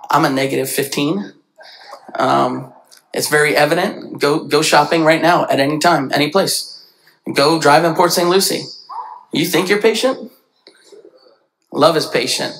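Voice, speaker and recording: A man preaching to a church congregation. His voice sits a little high with a gravelly edge, and he keeps the sermon animated, slipping into quoted voices. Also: unhurried, pauses often, slight background noise, poor audio. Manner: animated, acts out quoted voices with big pitch jumps. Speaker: pastor. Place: church sanctuary.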